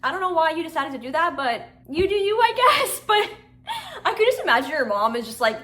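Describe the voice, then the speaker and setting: A woman reading confessions aloud and reacting in chatty, animated commentary, laughing often and exclaiming in disbelief. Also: very high voice, fairly quick. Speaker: storytelling comedy host.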